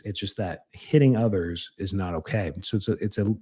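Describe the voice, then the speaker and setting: Guy chiropractor talking parenting, low mellow voice, earnest, keeps restarting his sentences. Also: moderate pace, husky. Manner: earnest, frequent restarts, acts out parent and child quotes. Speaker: chiropractor hosting a parenting talk. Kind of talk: casual advice talk.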